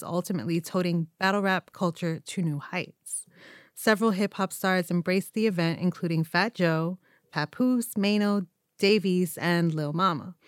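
Low-voiced woman reading podcast topics. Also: smooth, no room sound, clean studio sound. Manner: steady, orderly, reads topics aloud. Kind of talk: casual chat and reading news items.

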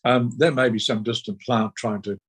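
An older man, telling stories at a rambling pace as an interview guest, pausing on fillers. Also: mid-range voice, fairly even intonation, slightly rough, rough recording. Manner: rambling storytelling with hesitant fillers. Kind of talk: relaxed conversational interview.

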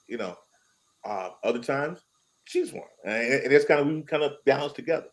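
A man's voice: mid-range voice, animated, moderate pace, low-quality recording. A man on a podcast panel speaking candidly and emotionally about family life in casual chat. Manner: candid, emotional, talks in restarts.

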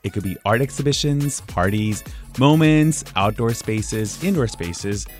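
Male podcast host, playful, laughs a lot, studio mic, faint music bed, mid-pitched. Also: lively intonation, unhurried. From Los Angeles. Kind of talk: casual chat. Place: radio studio.

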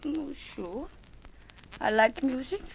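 A woman's voice: high-pitched, animated, slow, creaky, slightly rough, full character voice, poor audio. An actress playing a defiant young woman who speaks broken English, in a 1950s radio drama. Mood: curious. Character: fiery young woman guarding a gangster's house.

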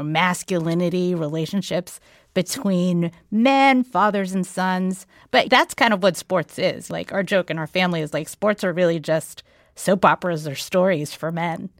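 A woman hosts an interview with a fairly low voice. She frames her points in a thoughtful, measured way, recorded close and dry. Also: a bit bright, dry recording. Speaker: radio interviewer. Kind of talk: conversational interview.

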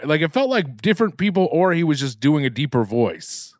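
A man's voice: mid-range voice, sing-song, fast talker, few pauses, no echo, studio quality. A man co-hosting a podcast, joking around and reading listener mail in a casual chat. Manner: jokey, reads listener mail aloud. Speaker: podcast co-host.

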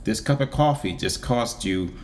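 A man giving a casual, wry monologue as a vlogger, with deliberate pauses. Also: mid-range voice, animated, a little mellow, a little hiss or hum.

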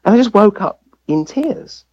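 An English man recounts a personal story as an interview guest. His pitch swings widely as he acts out the voices of people he quotes. The recording is dull and lo-fi. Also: normal speed. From England. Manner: lively anecdote-telling, acting out quoted voices. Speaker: guest, family physician.

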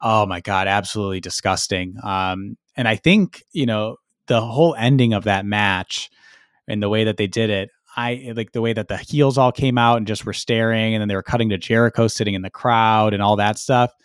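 A man co-hosting a podcast, relaxed in casual chat and leaning on strong adjectives for emphasis. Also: on the low side, moderate pace, clean tone, no room sound, clean studio sound. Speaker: podcast co-host.

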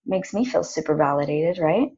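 A woman guest on a conversational show, telling a personal story in an animated, dramatic way and acting out what people said. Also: sits low, normal speed, husky, lo-fi sound. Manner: animated, dramatic retelling with acted-out quotes. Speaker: podcast guest.

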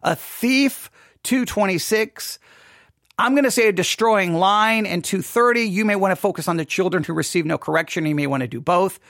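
A man leading an informal Bible study lesson, animated and questioning, acting out imagined objections. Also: high-pitched, normal speed, dry recording, studio quality.

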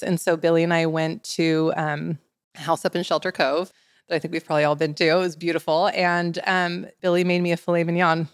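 A woman's voice: lowish voice, a little fast, creaky, clear, resonant tone, no room sound, clean studio sound. A woman in her forties, a wellness expert guest, telling stories in casual podcast chat with lots of "like" fillers. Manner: animated storyteller, many "like" fillers.

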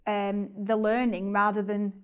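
A woman's voice: mid-range voice, flat delivery, a little slow, clean tone, muffled recording. A woman teacher hosting a podcast, thinking aloud hesitantly with lots of ums and you knows. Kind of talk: casual podcast chat.

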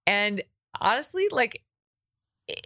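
A woman's voice: on the high side, big pitch swings, slow, bright, forceful tone, dry recording, studio quality. A woman hosting an interview podcast, talking bluntly and emphatically with an incredulous edge. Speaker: podcast host.

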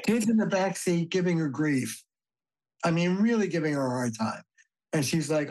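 A man's voice: a little high, normal speed, rough recording. Emphatic storytelling older male therapist. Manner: animated, emphatic storyteller who swears casually. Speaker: guest family therapist. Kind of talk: conversational podcast interview.

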